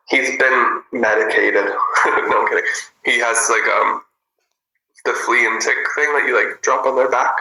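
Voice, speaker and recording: A man chatting casually with viewers on a livestream, bubbly and giggly, in an animated way. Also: medium pitch, normal speed, roomy sound, poor audio. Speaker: livestream host.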